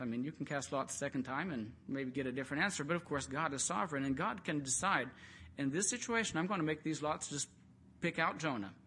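A man delivers a sermon with a bright, slightly raised voice. He tells the story in a relaxed, conversational way and slips into acted-out quotes. Faint background noise runs under the recording. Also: a little high. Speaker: preacher.

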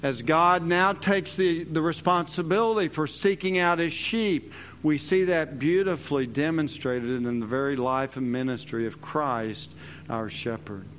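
A man's voice: a little high, measured pace, fairly bright tone, a little hiss or hum. A male pastor delivering an expository sermon, emphatic and repeating his key phrases.

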